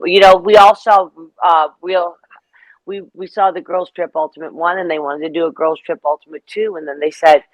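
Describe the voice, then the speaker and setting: A middle-aged woman chats as an interview guest, spinning animated stories full of asides. The sound is dry and close, with no room around her. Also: lowish voice, moderate pace, no room sound, poor audio. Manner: chatty, storytelling, animated asides. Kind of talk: casual interview chat.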